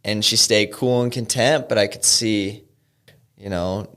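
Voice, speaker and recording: A young man from Utah telling his recovery story as a guest, halting with frequent fillers and restarts. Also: lowish voice, steady tone, a bit bright. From Utah, USA. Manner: halting, lots of "you know" and "um", restarts. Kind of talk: personal storytelling in an interview.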